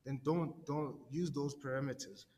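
A man's voice: mid-range voice, steady tone, moderate pace, a little mellow, big-room sound, a little hiss or hum. A man giving a casual, conversational sermon, slangy and full of "right?" tags and repeated words. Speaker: preacher.

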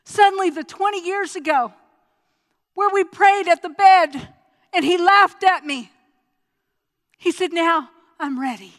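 A woman preaching a sermon and telling a personal testimony, with stammering restarts, moving between hushed passages and loud, impassioned ones. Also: very high-pitched, unhurried, pauses often, big-room sound.

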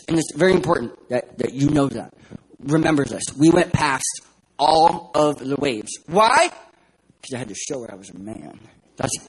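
A man's voice: high-pitched, a bit bright, poor audio. A man from San Diego, California, giving a humorous sermon as a guest preacher and telling self-deprecating stories about himself. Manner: self-deprecating, joking storyteller. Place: church.

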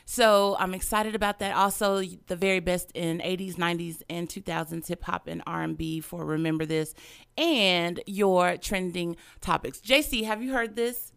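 A woman hosts a radio show, chatting playfully and breaking into laughter. Her voice is smooth and resonant. It sounds close and dry, as if spoken into a studio mic. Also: on the low side, steady tone, moderate pace, fairly bright tone, dry recording. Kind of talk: casual radio chat.

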